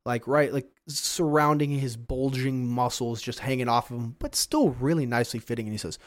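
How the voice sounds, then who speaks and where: A man's voice: mid-range voice, normal speed, no echo, clean studio sound. A man narrating a tabletop game as game master in a casual, chatty way.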